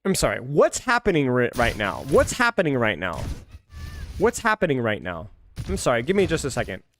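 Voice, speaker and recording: A man's voice: mid-range voice, huge pitch swings, brisk, a bit bright, slight background noise. A man casually reviewing an esports match, rambling and exasperated, repeating phrases over and over. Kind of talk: casual game review commentary.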